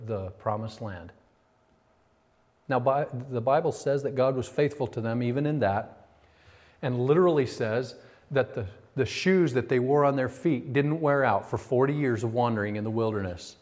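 A middle-aged man preaching a sermon as a pastor, swinging between raised, emphatic stretches and quiet, confiding asides. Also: mid-range voice, normal speed.

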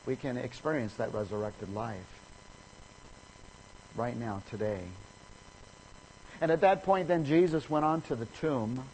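A man preaching a sermon, telling a story in an animated way and acting out the people in it with sudden rises in pitch and volume. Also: measured pace, pauses often, slight background noise, rough recording.

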